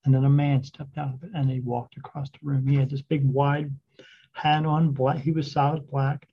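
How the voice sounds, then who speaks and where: A man in a guest role, retelling his experiences in a casual, rambling way with halting restarts. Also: medium pitch, little pitch movement, slightly rough. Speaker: spirit medium, podcast guest. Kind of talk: casual storytelling. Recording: dull lo-fi sound.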